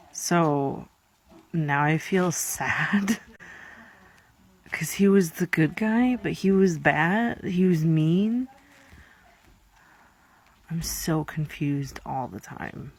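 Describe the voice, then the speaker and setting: Emotional young woman vlogging. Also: low voice. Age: 20s. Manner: emotional, rambling, with whispered asides. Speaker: YouTuber. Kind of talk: casual movie reaction vlog.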